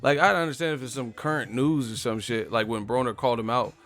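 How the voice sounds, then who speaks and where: A man hosting a boxing live stream in casual chat, animated, swearing freely and laughing a lot. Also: medium pitch, fast talker, faint music behind.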